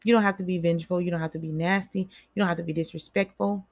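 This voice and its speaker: A woman's voice: lowish voice, steady tone, quick pace. A woman giving a casual motivational talk, chatty and speaking straight to her listeners, repeating phrases for emphasis.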